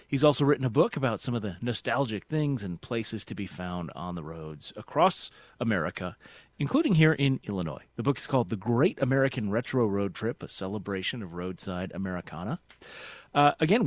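A male radio host speaking in a middle-range voice, recorded very dry in a studio with no room sound. He moves between introducing his guest, reading listener texts and asking questions in an even, conversational manner. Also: mid-range voice, no room sound. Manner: reads listener texts aloud, measured and conversational. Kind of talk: public radio interview.

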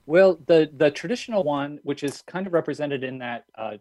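A man, a linguist guest on a radio interview, explaining with frequent pauses and restarts. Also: on the high side, expressive, a little mellow, dry recording. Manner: thoughtful, many fillers and restarts.

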